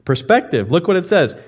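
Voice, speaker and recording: A young man preaching a sermon, emphatic and lively, swinging from quiet to loud. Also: high voice, husky. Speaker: pastor.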